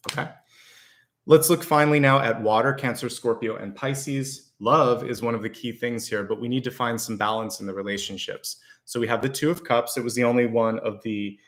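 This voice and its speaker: A man giving a weekly tarot and astrology reading, speaking directly to his viewers in a reassuring, conversational way. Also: mid-range voice. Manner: conversational, with fillers and restarts. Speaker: tarot reader.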